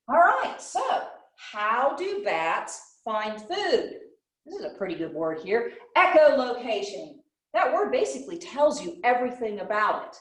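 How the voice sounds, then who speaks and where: A woman teaching children about nature, asking questions and answering them herself. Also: medium pitch. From Western North Carolina. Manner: animated, asks and answers her own questions. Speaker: children's nature program presenter. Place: library room. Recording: roomy echo, voice from a distance.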